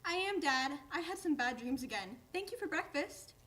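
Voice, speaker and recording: An eager young male dog in a play reading, high and chatty, forever calling his owner "Dad.". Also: animated, moderate pace, bright, forceful tone.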